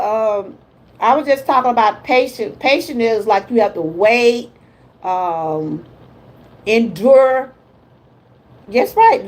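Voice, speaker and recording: This lifestyle vlogger is an older woman with a slightly high voice, heard in a low-quality recording. She hosts an easygoing motivational livestream, folksy and talkative, responding to viewers as she reads their comments.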